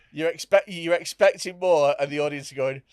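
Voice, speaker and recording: A man's voice: fairly high pitch, moderate pace, darkish tone, clear, resonant tone, no echo, studio quality. A man co-hosting a comedy podcast, laughing, swearing and mocking in casual chat. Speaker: podcast co-host.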